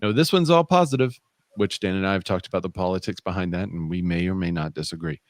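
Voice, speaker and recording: On a dry recording, a low-pitched man speaks fast as a podcast co-host on a live real estate show. He chats casually and reads viewer comments aloud.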